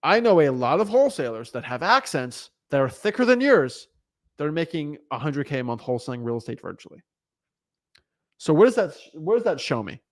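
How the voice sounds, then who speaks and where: Young male co-host, emphatic coaching talk, slightly high voice, keeps checking in with the listener. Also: sing-song, brisk. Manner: emphatic, repeats words, asks "right?" often. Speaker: real estate coach, co-host. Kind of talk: energetic motivational talk.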